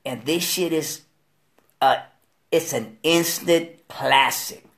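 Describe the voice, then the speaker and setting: A man hosting a casual live-stream chat, talking in slangy, profane street style and telling animated stories with voiced impressions. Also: on the high side, slow. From Delaware. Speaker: show host.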